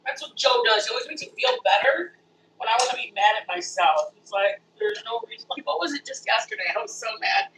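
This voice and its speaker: A woman's voice: fairly high pitch, fairly quick, recorded from a distance, slight background noise, low-quality recording. Chatty woman hosting a kitchen livestream. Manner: chatty, animated, talks straight to viewers. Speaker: cooking channel host. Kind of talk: casual live cooking chat. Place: home kitchen.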